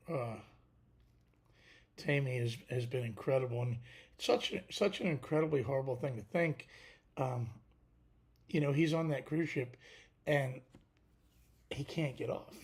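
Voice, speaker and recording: A tired man hosting a casual livestream, talking haltingly with many fillers and restarts. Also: medium pitch, gravelly, a little mellow. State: tired, yawning. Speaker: podcast host.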